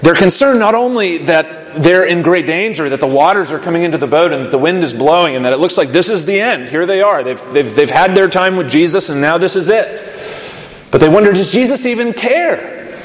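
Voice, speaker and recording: A man's voice: a little high, expressive, a little fast, hardly any pauses. A man preaching a sermon, earnest and building to urgent questions, with fillers and restarts. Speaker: pastor. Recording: echoey hall reverb.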